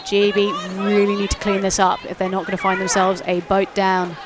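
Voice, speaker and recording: A woman giving quick live play-by-play commentary on a match, rising to shouts at the big moments. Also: medium pitch, level tone. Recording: loud crowd and outdoor noise behind.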